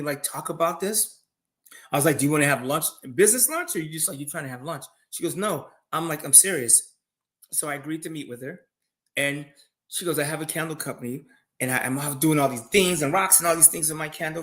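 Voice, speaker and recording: Bright-voiced man telling money stories. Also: on the high side. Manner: animated storytelling, many restarts. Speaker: guest finance speaker. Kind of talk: casual live conversation.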